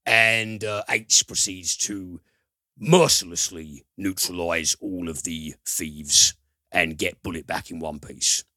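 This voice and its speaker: Deep, bright-toned man chatting about a film. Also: fairly even intonation, takes it slowly, no room sound, studio quality. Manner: rambling, many fillers, retells scenes with swearing. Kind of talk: casual film review chat.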